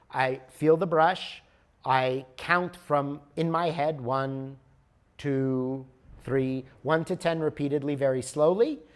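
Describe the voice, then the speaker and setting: A man with a slightly high voice leads a workshop in an animated storytelling manner. He often pauses to check in with the audience. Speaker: workshop leader.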